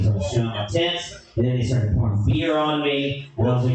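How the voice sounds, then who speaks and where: A young man telling a crude, animated comedy story, now and then breaking into shouted bursts. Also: medium pitch, a little fast, recorded from a distance. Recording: echoey room, from off mic.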